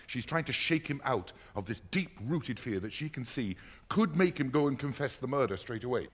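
A man explaining a play as a lecturer, emphatic and expressive. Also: medium pitch. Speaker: literature lecturer. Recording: long hall reverb.

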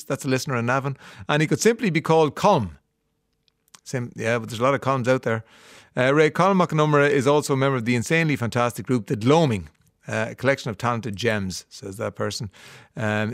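A man's voice: medium pitch, a bit bright, no room sound, clean studio sound. A man with an Irish accent hosting a radio show, chatting casually and reading out listener texts with plenty of fillers and restarts. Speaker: radio host. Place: radio studio.

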